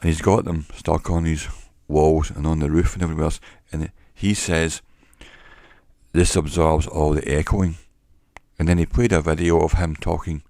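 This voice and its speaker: Man, very low gravelly voice, slow wry storytelling, dry close sound. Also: a little mellow, dry recording. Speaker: vlogger; former salesman. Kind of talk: casual monologue to camera. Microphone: cheap microphone.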